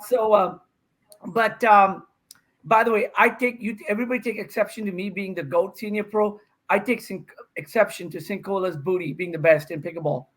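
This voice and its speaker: A man's voice: high-pitched, fairly even intonation, normal speed, fairly bright tone, rough recording. A middle-aged man from India, a pickleball pro guesting on a podcast, telling stories in a brash, joking way with swearing and frequent laughs. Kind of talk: casual podcast chat.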